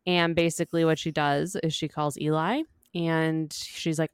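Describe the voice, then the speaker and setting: Low, smooth woman recapping. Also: flat delivery, dry recording, clean studio sound. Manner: easygoing storyteller, retells scenes with quick acted-out quotes. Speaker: podcast co-host. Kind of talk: casual book recap.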